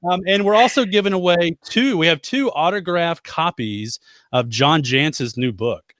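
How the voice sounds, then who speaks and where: On his casual live-stream show, a chatty American host rambles with his co-host and pokes fun at himself. He speaks at a moderate pace in a fairly high, slightly bright voice, captured in a dry recording.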